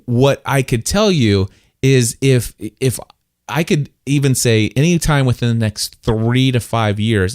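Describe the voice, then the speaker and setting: A middle-aged man hosting a podcast in casual conversation, telling stories and getting animated when he quotes people. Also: mid-range voice, no echo, clean studio sound. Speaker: podcast host.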